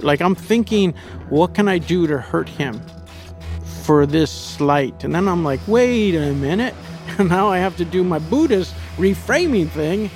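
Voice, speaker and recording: A man's voice: high-pitched, animated, unhurried, soft background music. A man as an interview guest, telling a personal story candidly and with profanity, acting out his own inner thoughts.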